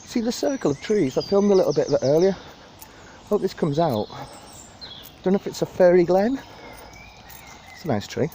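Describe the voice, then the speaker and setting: Mellow-voiced man rambling outdoors. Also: high voice, sing-song, normal speed, long pauses, a little hiss or hum. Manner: rambling, chatty, laughs at own jokes. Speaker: vlogger giving a park tour. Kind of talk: casual walking tour narration. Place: outdoors in a city park. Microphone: phone held while walking.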